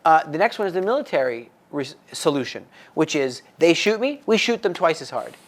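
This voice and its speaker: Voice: medium pitch, big pitch swings, fairly quick. A person from the United States in casual chat on a faith podcast, animatedly telling a story and acting out the quoted voices.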